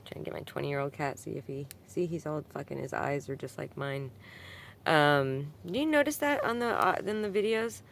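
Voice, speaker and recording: A woman's voice: deep voice, normal speed, vocal fry, a little hiss or hum. A woman talking in a casual, rambling vlog monologue at home, full of ums and likes, swinging from subdued to heated. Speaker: vlogger answering a comment. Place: at home with her cat.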